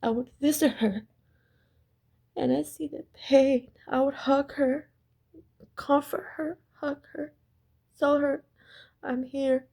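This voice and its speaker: A woman's voice: high voice, fairly even intonation, takes it slowly, vocal fry, long pauses, mellow. A woman talking straight to her viewers in a casual story-time monologue, intense and emphatic, repeating herself and swearing. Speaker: spiritual storyteller.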